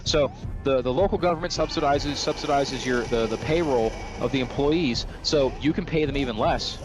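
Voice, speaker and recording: A man's voice: medium pitch, moderate pace, music in the background. A man from California chatting casually over gameplay, ranting profanely with many restarts. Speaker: streamer.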